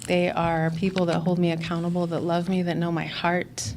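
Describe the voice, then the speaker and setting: A woman's voice: lowish voice, flat delivery, normal speed, darkish tone, a little hiss or hum. Candid woman sharing her recovery story. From Chicago. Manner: candid, reflective, many fillers and restarts. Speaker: conference speaker. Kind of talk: personal recovery share.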